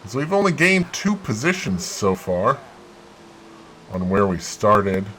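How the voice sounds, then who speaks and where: A man hosting a gaming channel, giving excitable play-by-play of his racing game and bursting into loud exclamations. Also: on the low side, slow pace, a little hiss or hum, low-quality recording.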